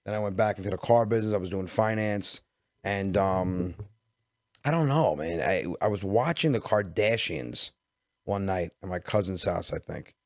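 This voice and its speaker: Comedian guest in his 40s, New York Italian-American accent, low-pitched and quick, dry close mic. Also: no echo. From Westchester, New York. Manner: animated storyteller, quick bursts, acts out dialogue. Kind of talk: casual podcast storytelling.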